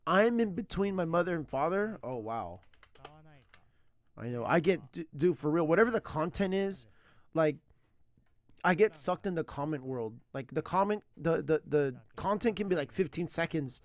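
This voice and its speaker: A man chatting casually on a stream while learning a language, rambling and excitable, laughing often and using slang. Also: on the high side, normal speed.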